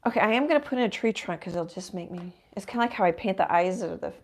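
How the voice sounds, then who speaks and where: A middle-aged woman hosting a live painting stream, thinking aloud as she works and often dropping to a soft murmur. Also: medium pitch, expressive, fast. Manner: self-deprecating, thinking aloud while working, drops to soft murmurs. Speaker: painting livestream host. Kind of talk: casual live painting chat.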